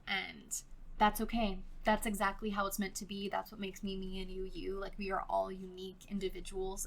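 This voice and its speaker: A woman with a Californian Valley girl accent and a mid-range voice hosts a casual solo podcast. She's chatty and loose, peppering her talk with "like" and casual swearing.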